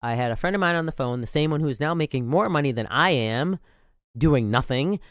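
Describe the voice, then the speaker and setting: Smooth-voiced man rambling in a monologue. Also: a little high, animated, brisk, no room sound, studio quality. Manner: rambling, frequent restarts and self-corrections. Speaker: podcast host. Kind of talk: casual monologue.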